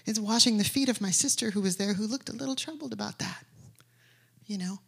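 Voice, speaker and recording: A woman's voice: mid-range voice, a little fast, gravelly, fairly bright tone, slightly rough. A woman preaching a sermon, telling stories animatedly and rising to emphatic declarations.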